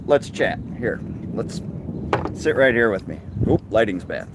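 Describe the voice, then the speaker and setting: A man's voice: fairly low pitch, lively intonation, a little slow, background noise. A man co-hosting a live fishing stream outdoors at night, asking questions and chatting loosely about catfish spawning. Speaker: fishing show co-host. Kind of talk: casual live-stream chat.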